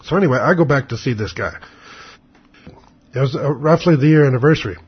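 A man's voice: medium pitch, lively intonation, quick pace, husky. An older man telling a rambling personal story in a blunt, sarcastic, casual way. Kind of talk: casual spoken monologue. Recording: dull lo-fi recording.

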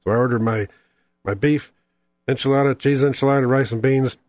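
A middle-aged man hosting a radio show, telling a casual story with wry, animated asides. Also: medium pitch, fairly quick, dry recording. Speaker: radio host.

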